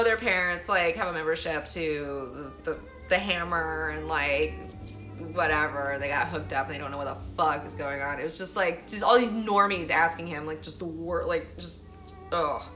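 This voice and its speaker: A woman's voice: deep voice, moderate pace, pushed and bright, faint music behind. A woman vlogger telling a story in a rambling, profane way, filling her talk with "like.". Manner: rambling, profane, heavy use of "like". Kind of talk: casual storytelling monologue.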